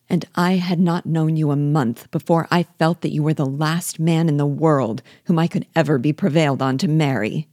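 A spirited, indignant young woman speaks with force, voiced by a woman reading aloud. Her voice is low and warm, and the recording is close and dry. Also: no echo.

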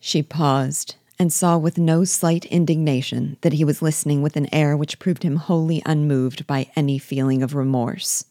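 A woman reads a classic novel aloud in a measured, expressive way. Her voice is low and mellow, recorded close and dry. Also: no room sound. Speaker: reader and guide.

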